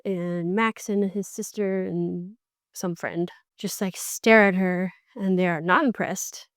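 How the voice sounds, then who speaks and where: A woman hosting a book podcast, giving a casual, animated recap and slipping into characters' lines as she goes. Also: medium pitch, a little slow, clear, resonant tone, no room sound, clean studio sound.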